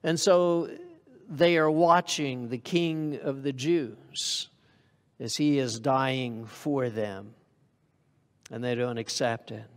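A man's voice: medium pitch, steady tone, slow pace, big-room sound. A man preaching a sermon to a congregation in a conversational way, often asking them questions. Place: church hall.

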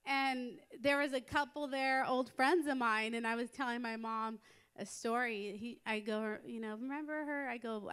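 A middle-aged American woman preaching a sermon in a church, telling stories in a lively way and building to emphatic exhortation. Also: a little high, clear, resonant tone. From United States. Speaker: women's conference speaker. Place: church sanctuary.

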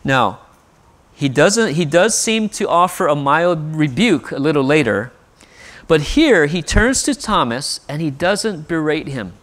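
A man's voice: a little high, lively intonation, unhurried, fairly bright tone. A male pastor preaching a sermon in an earnest way, often asking "right?". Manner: earnest, with frequent rhetorical "right?".

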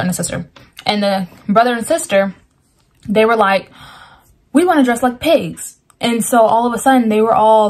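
Earnest woman rambling through a dream. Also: mid-range voice. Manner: rambling, lots of "like" fillers; earnest, interprets with scripture. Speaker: Christian dream sharer. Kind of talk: casual dream retelling.

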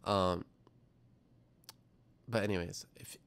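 Young guy reading chat on his science stream, kinda low and gravelly, rambly and self-deprecating. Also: fairly even intonation, takes it slowly, fairly bright tone. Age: young adult. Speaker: livestream science show host. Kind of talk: casual livestream chat.

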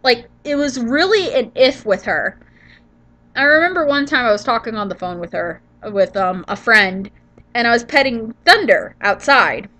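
A worn-out woman talks over her game in a loose, rambling voiceover, her voice pitched a little high. She is sniffly from allergies and yawns as she drifts between thoughts. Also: expressive, normal speed, bright, forceful tone. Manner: rambling, yawning, trailing off. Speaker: gaming channel host. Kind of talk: casual gameplay voiceover.

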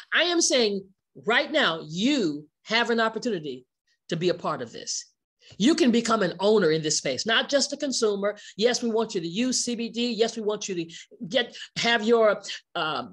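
A woman presenting her company in a sales pitch, speaking emphatically, asking many rhetorical questions and repeating key words for stress.

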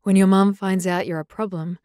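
A woman's voice: medium pitch, steady tone, fairly quick, warm tone, no echo, studio quality, close to an everyday voice. A woman voicing a stern, curt young male werewolf alpha in an audiobook. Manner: curt, disapproving. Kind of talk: audiobook character voice.

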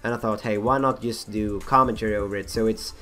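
Young male gaming host, husky and rambling, self-mocking, with faint background music. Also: lowish voice, fairly even intonation, fairly quick, bright, forceful tone. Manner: rambling, self-mocking, many fillers and restarts. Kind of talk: rambling gameplay commentary.

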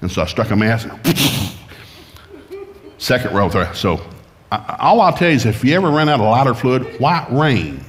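Animated middle-aged preacher. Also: male voice, medium pitch, brisk. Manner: folksy, animated storyteller. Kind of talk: comic sermon storytelling. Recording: long hall reverb.

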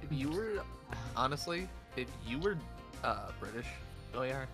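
A man giving casual, joking commentary on a speedrun with friends, blunt and quick to react. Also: medium pitch, very animated, music in the background.

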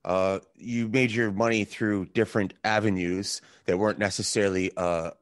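A man's voice: on the low side, steady tone, moderate pace, dry recording, clean studio sound. A man hosting a podcast, asking questions in a loose, joking way and swearing casually. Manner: loose and profane, laughs easily. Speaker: podcast host. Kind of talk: casual interview chat.

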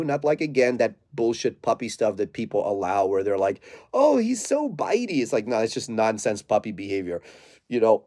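A man who trains dogs, talking bluntly and casually in a live question-and-answer session, swearing freely and acting out dogs and owners in quick put-on voices. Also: lowish voice, a little mellow, no echo, clean studio sound. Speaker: dog trainer.

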